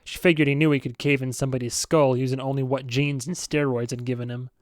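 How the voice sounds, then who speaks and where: A man narrating a novel as an amateur audiobook reader, steady and with self-aware asides. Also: mid-range voice, fast, no room sound, studio quality.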